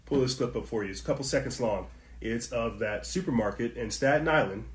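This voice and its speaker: A man's voice: mid-range voice, a little fast. Man, livestream host, heated rant, rhetorical questions, casual slang, mid-range voice, roomy echo. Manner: fiery, rhetorical questions, slangy asides to viewers. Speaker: online commentary host. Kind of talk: impassioned livestream commentary.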